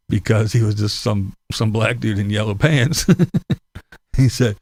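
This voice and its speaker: A man's voice: fairly low pitch, measured pace, gravelly, darkish tone, dry recording. Middle-aged man, casual ranting vlogger, profane and blunt, dry recording. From Pennsylvania. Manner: blunt, profane, laughs between points. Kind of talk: casual opinion monologue.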